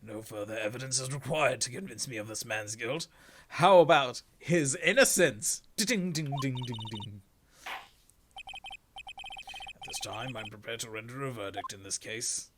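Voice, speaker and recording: A man's voice: mid-range voice, a little slow, noisy background, close to an everyday voice. A man voicing a blustering old male judge in a pompous, bellowing way.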